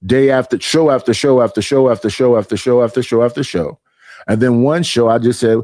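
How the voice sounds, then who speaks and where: A man's voice: mid-range voice, fairly even intonation, brisk, darkish tone, dry recording, studio quality. A middle-aged man streaming, ranting in a casual, aggrieved way, repeating himself and mimicking what others say to him. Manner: aggrieved, repetitive, mimics others in quoted voices. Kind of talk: casual livestream rant.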